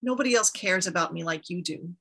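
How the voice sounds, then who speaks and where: A woman's voice: fairly low pitch, fairly quick, sharp tone, slightly rough, exaggerated voice. A woman voicing a lonely goddess queen of the dead, moaning and drawn out. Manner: moaning, pleading, then raging.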